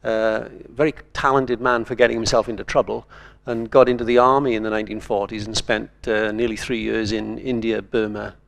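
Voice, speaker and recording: A man's voice: lowish voice, little pitch movement, a little fast, vocal fry, hardly any pauses. An older man from Wales, a writer speaking on a conference panel in a thoughtful, digressive way.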